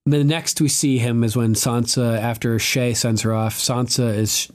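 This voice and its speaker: A man hosting a podcast, recapping a TV episode in casual chat, animated, laughing often and swearing freely. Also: mid-range voice, normal speed. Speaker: podcast host.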